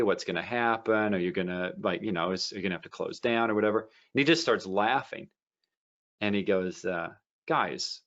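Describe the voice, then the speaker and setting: A low-pitched man talking casually about trading, wandering through a story with lots of ums and restarts. The sound is a bit dull and lo-fi. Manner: rambling storyteller with many fillers and restarts. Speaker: trading educator. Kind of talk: casual teaching talk.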